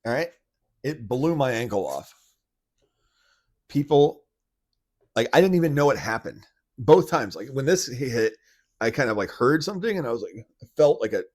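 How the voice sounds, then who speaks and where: A man's voice: fairly low pitch, slightly rough. A man hosting a podcast, talking casually in a loose, rambling way with many restarts, blunt and mocking at times. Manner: blunt and mocking, with occasional swearing. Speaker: podcast host. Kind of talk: casual monologue commentary.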